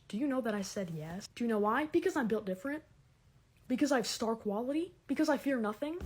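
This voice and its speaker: Young woman, breathy slightly high voice, sarcastic comedy monologue, exaggerated delivery. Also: lively intonation, darkish tone. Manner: sarcastic, exaggerated, rapid shifts in tone. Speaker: comedy content creator.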